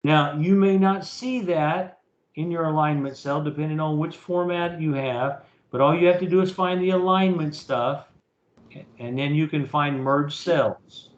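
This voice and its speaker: A man's voice: fairly high pitch, a little slow. A man lecturing as a professor in a recorded online class, talking casually and checking in with "okay?" after nearly every point. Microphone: computer mic in a video meeting. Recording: roomy, dull lo-fi meeting recording.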